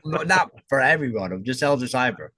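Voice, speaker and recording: A man co-hosting a podcast in crude, laughing banter and swearing freely. His voice sits at an ordinary middle pitch. The sound is dry and close, with no room around it. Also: animated, fairly quick, sharp tone, dry recording. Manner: profane, laughing, joking. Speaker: podcast co-host.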